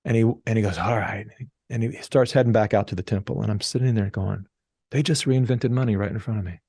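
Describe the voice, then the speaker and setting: A middle-aged man talks as a podcast guest in a relaxed, storytelling way. He gets animated and slips into the voices of the people in his anecdotes. The recording is close and dry, with no room sound. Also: on the low side, fast talker, gravelly, slightly rough, dry recording. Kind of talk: casual storytelling interview.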